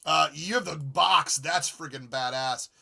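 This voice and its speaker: A man in his forties hosting a live gaming stream, chatting casually and reading viewer comments with excitable, jokey humor. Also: a little high, measured pace, vocal fry. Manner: excitable, jokey, reads chat aloud. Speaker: streamer host.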